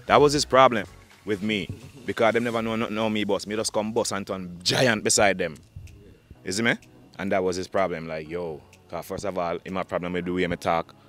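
A man with a Jamaican accent, a dancehall artist talking in an interview, fast and repetitive, often restarting his sentences. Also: low-pitched, steady tone, a bit bright, faint music behind. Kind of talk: interview, casual talk.

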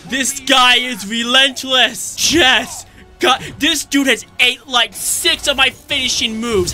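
A man giving gameplay commentary, excitable and shouting jokes at the enemies. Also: very high-pitched, a little slow. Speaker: let's play gamer. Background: game music.

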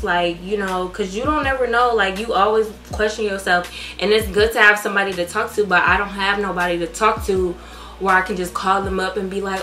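A woman's voice: medium pitch, brisk, echoey room. A young woman, chatting candidly and with lots of swearing while doing her makeup for a beauty vlog. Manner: candid, profane, animated. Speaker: beauty vlogger.

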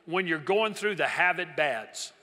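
A man preaches to his congregation with a high, very bright, ringing voice. He mixes jokes with emphatic repeated lines and has the crowd say phrases back. His words carry a long reverb through a large church hall. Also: animated, unhurried. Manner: humorous, emphatic preaching with call-and-response. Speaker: pastor. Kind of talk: sermon.

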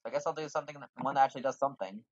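A man's voice: medium pitch, rapid-fire, breathy edge, dull audio. A man casually talking through a role-playing game, reading quest lines aloud in put-on voices. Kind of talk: casual let's-play commentary, reading quest dialogue aloud.

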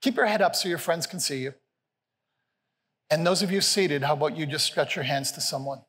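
A senior pastor preaches to a live congregation in a big church hall. His voice sits a little high for a man and carries a long reverb tail off the room. He is animated and playful, voicing the quotes with a lift in pitch. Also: brisk. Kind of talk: sermon.

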